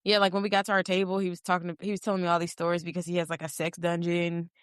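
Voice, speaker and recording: Woman, podcast co-host; lively storyteller who voices quotes, dry close sound. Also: fairly low pitch, very fast, smooth, no room sound. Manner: animated storyteller, acts out quotes. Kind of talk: casual storytelling chat.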